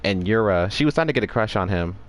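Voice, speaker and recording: A man's voice: fairly low pitch, expressive, fast, a little hiss or hum. A man casually recapping a story, rambling with restarts and acting out the characters' lines.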